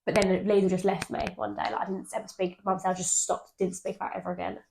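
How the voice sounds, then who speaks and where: A young woman co-hosting a podcast, telling ghost stories in animated casual chat and swearing freely. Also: medium pitch, fast, creaky, a little hiss or hum. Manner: animated storytelling, swears freely, laughs often. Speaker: podcast co-host.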